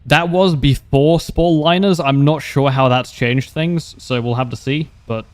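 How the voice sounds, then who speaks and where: A man's voice: medium pitch, steady tone, a little slow, no room sound. A young man livestreaming a game, chatting casually with wry humor, laughing often and answering viewers' questions. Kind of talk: casual gameplay commentary.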